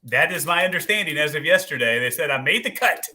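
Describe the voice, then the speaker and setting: A man hosting a casual live-stream show, upbeat and quick to agree. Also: fairly high pitch, lively intonation, sharp tone. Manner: upbeat, repeats yep and agreed. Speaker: host of a live tailgating show.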